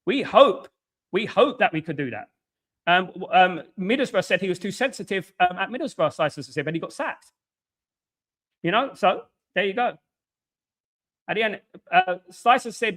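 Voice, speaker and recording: A man hosting a casual live stream and answering viewers' comments. He rambles, repeats stock phrases, calls viewers mate, and trails off quietly at the ends of phrases. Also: high-pitched, animated, a little fast. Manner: blunt and scolding toward critics, calls viewers mate.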